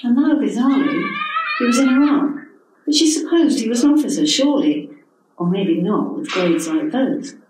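A woman's voice: a little high, a little hiss or hum. Older woman reading aloud in an echoey hall. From England. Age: 70s. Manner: measured, expressive storytelling. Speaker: author reading her own story. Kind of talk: literary reading. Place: literary event hall. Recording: echoey hall from a distant mic.

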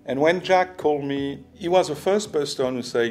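An older man with a French accent, a business executive telling his story to camera in halting speech full of restarts. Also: fairly high pitch, soft background music. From France. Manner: halting, with many restarts and fillers. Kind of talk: personal talk to camera.

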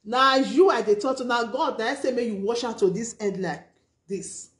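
A woman's voice: on the high side, normal speed, echoey room. A Nigerian woman with a Nigerian Pidgin English accent hosting a casual live stream, giving emphatic, preachy advice. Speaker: vlogger and live-stream host.

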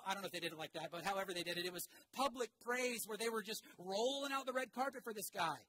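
Talking fast with few pauses, a male pastor with an extremely high-pitched voice preaches in a church sanctuary, telling an energetic story with shouted asides and having the crowd call phrases back. The recording is rough, with a little hiss or hum.

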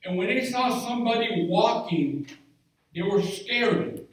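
Pastor guy preaching slow and fervent, pretty high voice, echoey church from far away. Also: animated. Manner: fervent preaching, rising to shouts of praise. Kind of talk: sermon. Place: church sanctuary.

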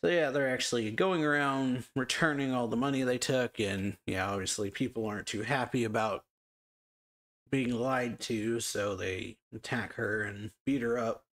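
A man's voice: medium pitch, normal speed, fairly bright tone. A man hosting an anime reaction channel, reacting with short murmurs and chuckles and then recapping the episode loosely.

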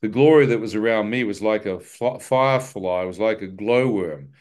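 A man whose voice is on the low side, speaking at normal speed, shares his testimony as a guest speaker before a live church audience. His storytelling is vivid and animated, laced with self-mocking humor.

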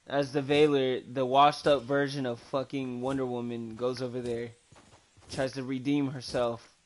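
A man's voice: medium pitch, level tone, moderate pace. A young man doing profane, joking commentary and mock narration over gameplay. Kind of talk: comic gameplay fan dub commentary.

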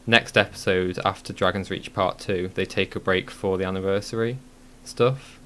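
A man's voice: low-pitched, fairly even intonation, normal speed, a bit bright. A man hosting a casual live-streamed podcast, talking with many ums and restarts. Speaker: podcast host.

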